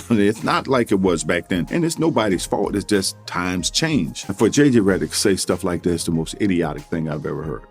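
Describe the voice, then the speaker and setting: A former basketball player giving a blunt, dismissive opinion in an interview. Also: male voice, on the low side, a little mellow. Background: music.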